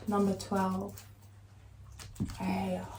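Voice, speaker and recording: A woman doing a spiritual card reading, talking in a calm, soothing, unhurried way as she reads aloud. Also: mid-range voice. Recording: echoey room, faint background noise.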